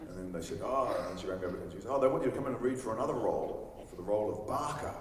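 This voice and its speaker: A low-pitched man in his forties tells rambling, chatty stories to a live crowd and acts out what other people said. His voice carries a long hall reverb. It sounds like it was recorded from far back with some faint noise underneath. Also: animated, racing. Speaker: celebrity panel guest. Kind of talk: anecdotal storytelling to a live audience. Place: large convention hall.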